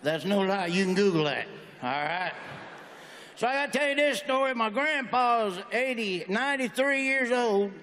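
A man's voice: high voice, lively intonation, normal speed, pushed and bright. A man in his forties doing a stand-up comedy routine with folksy, punchy joke delivery in a large auditorium. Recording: echoey hall with faint noise.

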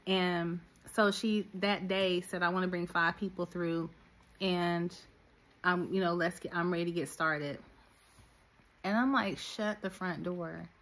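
A middle-aged woman minister and business coach preaching to her listeners in an animated, direct way. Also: on the low side. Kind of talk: sermon-style teaching.

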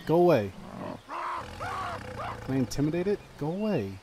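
A man commentating a video game as he plays, talking to the characters and breaking into panicked yelps. His voice swings widely in pitch between muttering and shouting. Game sounds and roaring animals come through clearly behind him. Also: sing-song, moderate pace, noisy background. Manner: frequent exclamations and filler words. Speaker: streamer playing a video game. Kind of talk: live gameplay commentary.

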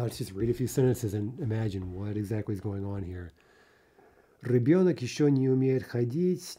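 Male language tutor, deep mellow tone, walks through examples patiently. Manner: explains then translates example sentences, frequent "okay" and "right". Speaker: Russian language teacher. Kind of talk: vocabulary lesson.

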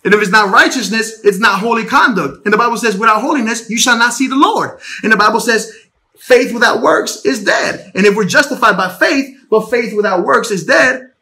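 Male preacher, high and bright, casual livestream Bible teaching on a phone at home, animated, restarts words. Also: brisk. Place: home bedroom.

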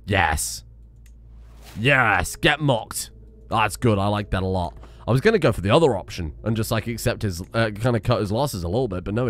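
A young man commenting on a strategy game he is playing, reading the game's text aloud with excitable, wry asides. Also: mid-range voice. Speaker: gaming video host. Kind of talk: let's play commentary.

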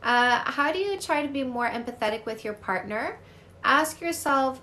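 A woman's voice: high voice, lively intonation, normal speed, bright, forceful tone, a little hiss or hum. A woman from Canada, a dating coach, answering viewer comments on a live stream in a blunt, upbeat way and swearing casually.

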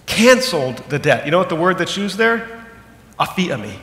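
A man in his thirties, a pastor preaching a sermon, animated and emphatic, dropping low and slow for key points. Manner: animated, swings between loud emphatic bursts and low slow asides. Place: church sanctuary. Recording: echoey hall with long reverb.

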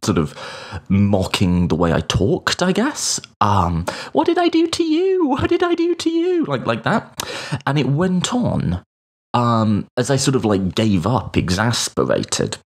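Gravelly, very animated man. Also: lowish voice. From United Kingdom. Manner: reflective, personal storytelling with hesitations. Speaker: podcast host. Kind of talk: solo podcast monologue.

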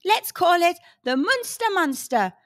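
A woman voicing an excited young male cheese mechanic in a children's storybook. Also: extremely high pitch, measured pace, no room sound, clean studio sound, voice pushed up, heavily acted. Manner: excited, exclamatory.

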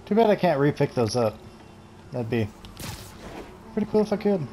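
A man's voice: on the high side, very animated, normal speed, mellow, a little hiss or hum. A man casually commenting on his gameplay, joking, swearing and talking to himself. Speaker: gameplay streamer.

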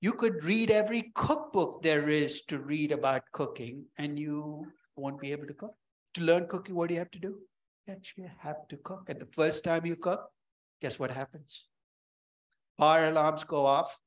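Male professor, lively conversational lecturer with a joking streak, voice a touch high. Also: moderate pace, low-quality recording. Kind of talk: university lecture.

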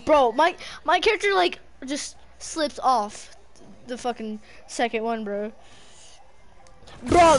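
A young woman playing a video game with a friend, yelling, swearing and joking. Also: high voice, animated, takes it slowly, pauses often, over music. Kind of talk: casual gaming chat.

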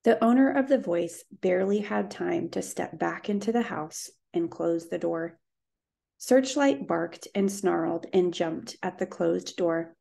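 A woman reads a children's novel aloud, keeping a steady, even storytelling pace. Her voice sits low and dark, with a gravelly edge running through it. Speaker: audiobook narrator.

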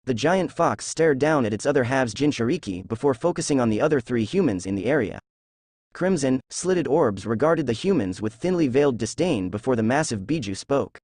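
A young man reading a fan-fiction story aloud at a steady, unhurried pace. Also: mid-range voice, no room sound, clean studio sound.

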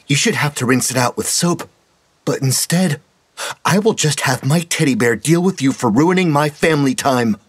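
A man voicing a cold, spoiled little girl who scolds and threatens, with a husky voice. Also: on the high side, animated, normal speed, dry recording, pitched above the performer's own voice. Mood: menacing. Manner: scolding, petulant.

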